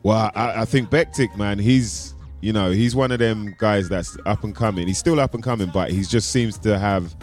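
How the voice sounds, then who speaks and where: Brief: male co-host, low voice, relaxed slangy talk, faint music bed. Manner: laid-back, slangy, quick interjections. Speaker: MMA show co-host. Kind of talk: casual fight-pick chat.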